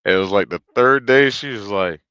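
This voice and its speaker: A man's voice: on the low side, moderate pace, pushed and bright, smooth, dry recording, highs cut off. A man streaming, telling rambling stories with lots of swearing and fillers. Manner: profane, rambling, with many fillers. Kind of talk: casual storytelling chat.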